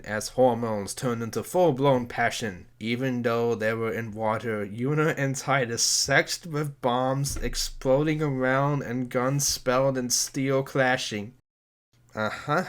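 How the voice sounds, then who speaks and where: A man's voice: medium pitch, steady tone, slow. A man reading a bad fanfic aloud with sarcastic, exasperated comic asides. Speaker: comedy reviewer reading fanfic. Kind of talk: mocking commentary on a reading. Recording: music playing behind.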